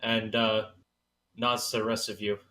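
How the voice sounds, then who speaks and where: A man narrating as game master of a tabletop role-playing game in an unhurried, descriptive way. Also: lowish voice, level tone, sharp tone.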